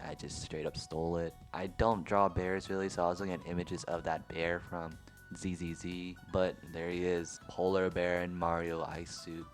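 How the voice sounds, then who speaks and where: A young man giving casual, self-mocking voice-over commentary on his drawings, speaking close to the mic. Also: sits low. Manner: wry, offhand, self-mocking. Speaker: art youtuber. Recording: faint music behind.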